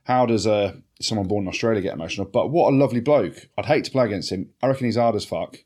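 An English man co-hosting a sports podcast, animated and swearing freely in casual banter. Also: on the low side, quick pace. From England. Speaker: podcast co-host.

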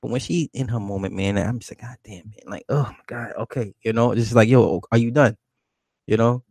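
Low-voiced man chatting loosely on stream. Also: fairly quick, gravelly, slightly rough, no echo. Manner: loose, profane, rambling, answers chat questions aloud; animated, jumps up in pitch when greeting viewers. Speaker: livestream host reading chat. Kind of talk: casual livestream chat.

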